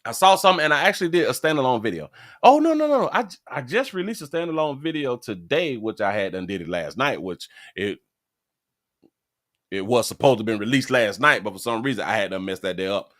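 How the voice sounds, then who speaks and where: A man hosting a live stream, ranting animatedly with frequent laughs, repeated words and loud high outbursts. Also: sing-song, brisk. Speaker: live-stream show host. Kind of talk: live-stream commentary rant.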